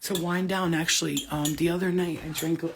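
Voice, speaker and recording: A woman's voice: on the low side, fairly even intonation, brisk, noisy background. A woman, a spiritual healer, rambling and swearing freely in casual chat with her viewers.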